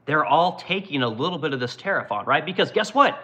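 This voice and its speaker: A man's voice: fairly high pitch, expressive, brisk, pushed and bright, poor audio. A man in his forties from Oregon hosting a livestream, ranting in casual, profane commentary. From Oregon, USA. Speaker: livestream host and business owner.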